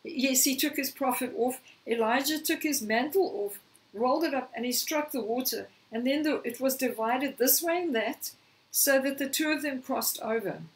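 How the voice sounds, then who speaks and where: A woman preaching a sermon, slightly hoarse, telling a scripture story and acting out the quoted lines. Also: high voice, moderate pace, recorded from a distance, low-quality recording. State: slightly hoarse, clearing throat.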